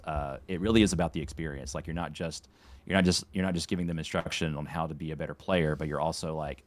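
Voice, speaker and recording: A man in his late thirties, a podcast guest who coaches tennis and streams, talking in an unhurried way with dry, sarcastic wit. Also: a bass voice. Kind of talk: casual interview chat.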